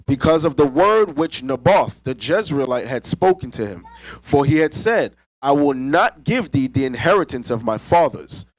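A man reading scripture aloud in a steady, measured way. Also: mid-range voice, no echo, poor audio. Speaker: scripture reader.

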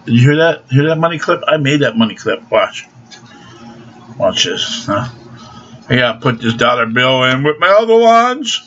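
A man's voice: mid-range voice, big pitch swings, normal speed, fairly bright tone, soft background music. An older man delivering a rambling, profane, aggrieved rant into a home video camera. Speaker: vlogger. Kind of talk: angry ranting monologue. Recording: dull lo-fi home video sound.

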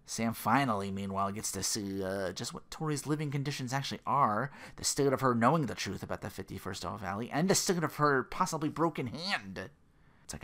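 A man giving a casual, rambling episode recap, swearing freely and quick to laugh. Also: medium pitch, expressive, pushed and bright. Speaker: show recap host.

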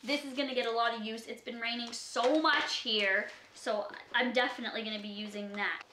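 A young woman from Canada, a YouTuber talking through an unboxing vlog in a gushing, excitable way. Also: on the high side, brisk, slight background noise. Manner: gushing, excitable, frequent gasps. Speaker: YouTuber opening a gift. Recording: echoey room.

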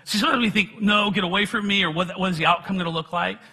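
A man's voice: sits high, fairly even intonation, fast, sharp tone, slightly rough. A middle-aged man preaching a sermon, telling personal stories in a conversational way with self-deprecating humor.

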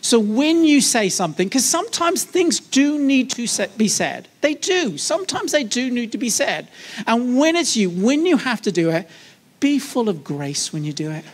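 A man's voice: extremely high pitch, moderate pace. Guy giving a sermon at church, chatty and jokey, keeps asking the congregation stuff. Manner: lively, joking, conversational preaching with frequent asides to the congregation. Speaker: guest preacher. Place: church service.

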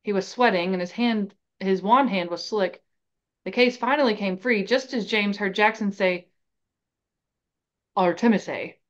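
A woman's voice: medium pitch, normal speed, muffled recording. Woman reading a story aloud. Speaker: reader and podcast host. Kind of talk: reading a fan novel aloud.

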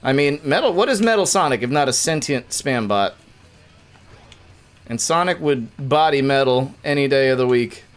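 A young man live-streams a video game with casual, jokey commentary, breaking into quick bursts of frustration. His medium-pitched voice has lively intonation, and faint music plays behind him.

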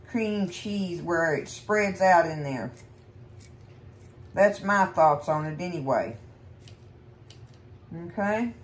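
A woman's voice: on the low side, slight background noise. A middle-aged woman with a Texan accent, hosting a home cooking show in a folksy, chatty way and talking to viewers as y'all. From Texas. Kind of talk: casual home cooking demonstration.

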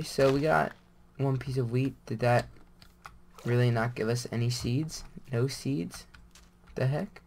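A man's voice: mid-range voice, creaky, a little mellow, a little hiss or hum. A man giving casual gameplay commentary, rambling and thinking aloud as he plays. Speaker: gamer.

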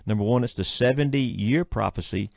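A man in his fifties with a Southern US accent, hosting a Christian radio talk show in a fervent, preachy and excitable manner. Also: medium pitch, normal speed, gravelly, no room sound, studio quality. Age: 50s. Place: radio studio.

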